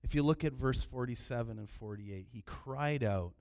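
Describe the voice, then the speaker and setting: A man preaching a sermon in an animated way, sometimes raising his voice to act out the people in his story. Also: mid-range voice, moderate pace, vocal fry. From Canada. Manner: animated preaching, acting out quoted cries loudly. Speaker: pastor.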